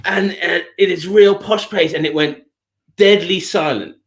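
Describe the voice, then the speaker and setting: A man from England co-hosting a live music chat show, telling an anecdote in an animated way and often laughing. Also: high-pitched, a little slow. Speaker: show co-host. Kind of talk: casual storytelling chat.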